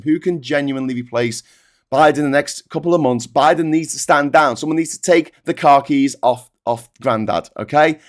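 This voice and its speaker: A British man hosting a political commentary livestream, animated and sarcastic, ranting with frequent restarts. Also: a little high.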